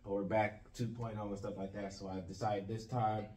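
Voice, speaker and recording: A man's voice: on the low side, level tone, normal speed, a little mellow, a little hiss or hum. A man hosting a podcast, talking in a laid-back, slangy way. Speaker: podcast host. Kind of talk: casual podcast chat. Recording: echoey room, mic at a distance.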